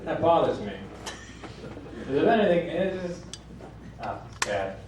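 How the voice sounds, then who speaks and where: Man, stand-up comedian, deadpan, animated pitch, distant mic, roomy club echo. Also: slow, noisy background. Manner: deadpan delivery with high squeaky voices for quoted characters. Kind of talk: stand-up set. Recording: live club recording from a distance, echoing room, crowd laughter. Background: audience laughter.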